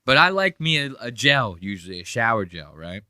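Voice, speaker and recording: A man's voice: medium pitch, sing-song, fairly quick, bright, forceful tone, clear, resonant tone, no room sound, clean studio sound. A man hosting a podcast, chatting in a rambling, joking and profane way. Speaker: podcast host. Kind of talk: casual podcast commentary.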